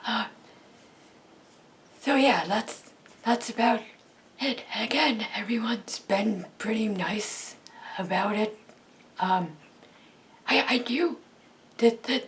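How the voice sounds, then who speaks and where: A young woman with a raspy, breathy voice chatting casually in a vlog, rambling and cutting herself off with frequent laughs. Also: mid-range voice. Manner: rambling, self-interrupting, laughs often. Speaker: YouTuber.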